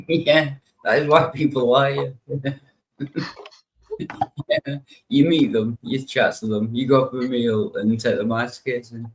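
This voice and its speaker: A woman's voice: rumbling low, fairly even intonation, takes it slowly, long pauses, slight background noise, rough recording. A woman in casual chat who laughs often and sums things up in short remarks.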